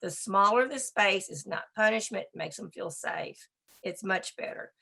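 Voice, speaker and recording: A woman giving a presentation on dog behavior, talking in a brisk, emphatic and conversational way. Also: mid-range voice, animated, gravelly, bright, forceful tone, breathy edge. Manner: talks to a slide assistant. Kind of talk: presentation lecture.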